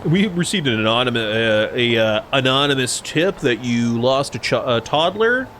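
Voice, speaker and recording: A man playing a stiff, halting door-knocking officer. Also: medium pitch, animated, a bit bright, a little hiss or hum, close to an everyday voice. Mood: officious. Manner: stiff, halting, overly polite. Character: officious male child-services officer at the door.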